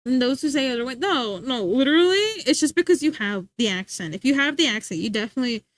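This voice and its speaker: Chatty woman streaming, high voice, giggles a lot, dry close sound. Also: lively intonation, fast talker, dry recording. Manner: chatty, giggly, lots of filler words. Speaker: livestreamer. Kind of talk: casual chat with viewers.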